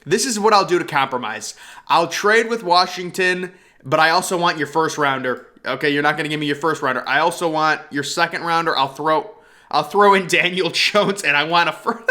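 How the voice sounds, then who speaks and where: Young man, casual commentary, excitable, bright tense tone, slightly high. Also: moderate pace. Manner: excitable, laughs often, thinks aloud. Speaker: NFL draft video creator. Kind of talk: casual mock draft commentary.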